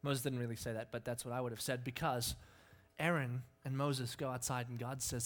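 A man preaching a sermon, animated and playful, acting out scenes with sudden yelps. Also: medium pitch, a little fast. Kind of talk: sermon with lively storytelling.

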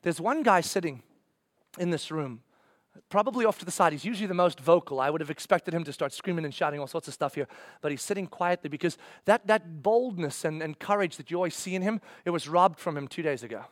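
A man preaching a sermon, acting out scenes in voices and swinging from loud bursts to hushed, slow passages. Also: fairly high pitch, lively intonation, no room sound, studio quality.

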